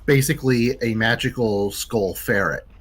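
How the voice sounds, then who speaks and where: Mid-pitched male player, relaxed and dry, halting starts. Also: breathy edge. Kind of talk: casual tabletop chat.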